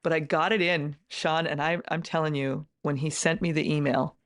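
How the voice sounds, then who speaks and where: A woman's voice: sits low, steady tone, moderate pace, no room sound. A middle-aged woman, an author and entrepreneur, speaking as a podcast guest in an emphatic, earnest way with many restarts. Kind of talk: casual interview conversation.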